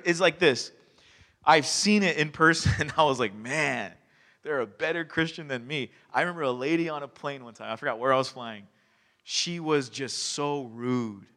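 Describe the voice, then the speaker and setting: Man preaching in a reverberant hall. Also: medium pitch. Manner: conversational, animated storytelling with laughs. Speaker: pastor. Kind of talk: sermon. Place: church sanctuary. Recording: long reverb of a church hall.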